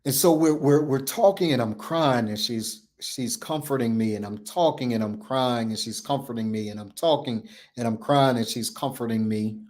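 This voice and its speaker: A man's voice: mid-range voice, normal speed, darkish tone. Male podcast host, storyteller, emphatic and repetitive delivery with acted-out dialogue. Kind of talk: personal storytelling.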